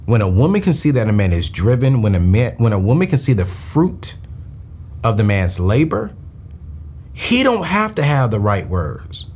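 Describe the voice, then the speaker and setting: Animated, preacherly male call-in host. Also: mid-range voice, moderate pace, breathy edge. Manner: animated, preacherly, slangy and joking. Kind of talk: live call-in finance show.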